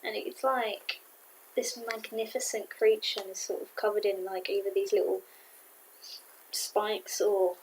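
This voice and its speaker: A woman's voice: medium pitch, measured pace, a little hiss or hum, poor audio. Chatty rambling young-sounding woman. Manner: rambling, chatty, excitable, many fillers. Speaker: vlogger reviewing a cartoon episode. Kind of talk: casual review chat. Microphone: camera mic.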